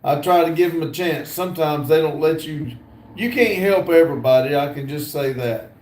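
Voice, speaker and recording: A man's voice: a little high, normal speed, a little mellow, reverberant, a little hiss or hum. A middle-aged man with a Southern US accent hosts a live stream outdoors on a phone. He reads viewer comments aloud in an easygoing way, with many "uh" fillers. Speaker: livestream host. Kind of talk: casual live stream, reading chat aloud.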